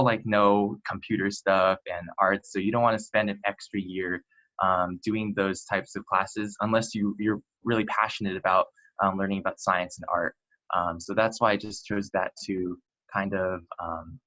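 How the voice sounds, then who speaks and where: A young man from California talks through his school years in a loose, rambling way, full of fillers and restarts. His voice sits on the low side yet sounds bright and forward. The sound is muffled and lo-fi, as over a video call. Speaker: student presenter. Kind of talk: casual online presentation. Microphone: computer mic on a video call.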